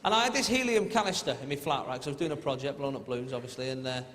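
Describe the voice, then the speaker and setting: A man performs stand-up live in a large theatre, telling chatty stories and mimicking voices, his mid-range voice racing along. The recording has long reverb, loud audience laughter, and a little hiss or hum.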